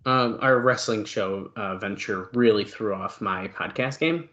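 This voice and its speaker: A man's voice: lowish voice, measured pace, fairly bright tone, lo-fi sound. A man co-hosting a wrestling podcast in casual chat, rambling with lots of fillers and poking fun at himself. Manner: rambling, filler-heavy, self-deprecating. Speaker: podcast co-host.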